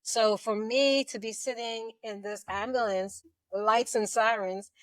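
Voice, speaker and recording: A woman's voice: a little high, unhurried, dry recording. Middle-aged woman telling a story animatedly. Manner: animated retelling, acting out quoted voices. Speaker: guest, police officer. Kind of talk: storytelling in an interview.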